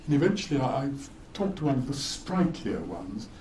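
A man's voice: mid-range voice, big pitch swings, moderate pace, darkish tone, a little hiss or hum. Older man telling wry anecdotes in a roomy space. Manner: wry, amused, chuckles through his stories. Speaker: guest speaker, former defence lawyer. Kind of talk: anecdotal storytelling. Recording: roomy echo.

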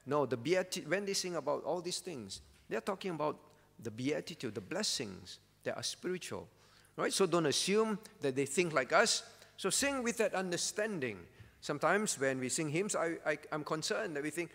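A man's voice: fairly high pitch, sing-song, normal speed, vocal fry, fairly bright tone. A male pastor preaching at a prayer meeting, with an earnest teaching manner that keeps checking in with the congregation. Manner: earnest teaching, with frequent "all right?" check-ins and questions to the congregation. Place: church hall. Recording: long reverb of a church hall.

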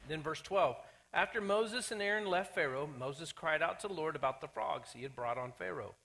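A male pastor delivering a lively sermon, his voice sitting high and bright. He jokes with the congregation and slips into little acted voices for the characters he quotes. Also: moderate pace. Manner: animated, acts out quoted characters, jokey asides. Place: church sanctuary.

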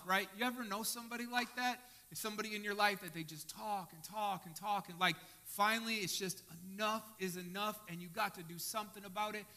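A male pastor preaching an impassioned sermon, dropping to a hush and rising to shouts. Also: high voice. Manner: impassioned, swinging from hushed to shouting.

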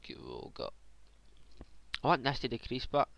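A man's voice: mid-range voice, big pitch swings, normal speed, creaky, a bit bright, dry recording. A man casually commentating his own strategy game, muttering to himself, joking and swearing now and then. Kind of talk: casual let's play commentary.

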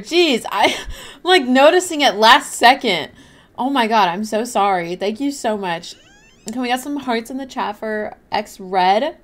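A young woman livestreaming a game, chatting casually and apologetically while reading and thanking her chat. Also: mid-range voice. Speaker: livestreaming gamer.

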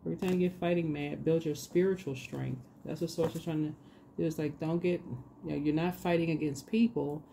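A woman giving a casual tarot reading, reading affirmations slowly and repeating phrases in a soothing way. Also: low-pitched, steady tone, vocal fry, warm tone, slight background noise. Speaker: tarot reader.

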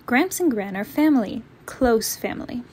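A woman voicing a gentle, patient mother bear who speaks in a motherly way in a storybook read-aloud. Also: a little high, expressive, normal speed, slightly rough.

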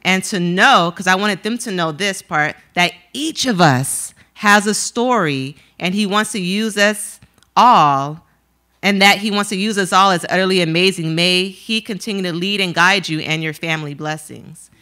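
A woman's voice: lowish voice, moderate pace, sharp tone. A woman earnestly sharing a personal testimony at church.

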